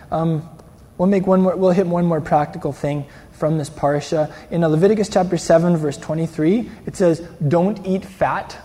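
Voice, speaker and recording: A man's voice: a little high, mellow. A man preaching a sermon in a conversational way, often ending lines with "eh?" or "right?". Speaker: pastor. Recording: long hall reverb.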